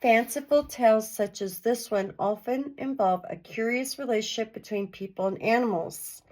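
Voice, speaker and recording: A woman reading folk tales aloud as a storyteller, slow and expressive. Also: a little high, low-quality recording. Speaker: storyteller and channel host.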